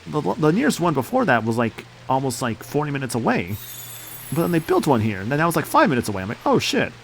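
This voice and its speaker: A man's voice: mid-range voice, very animated, fast talker, vocal fry, soft background music. Rambling, laid-back man in his late twenties. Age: late 20s. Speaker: streamer. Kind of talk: casual game stream chat.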